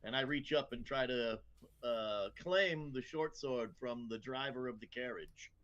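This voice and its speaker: A man's voice: medium pitch, unhurried, a bit bright. A man at a tabletop game describing what his character does. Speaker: player. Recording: dull lo-fi mic.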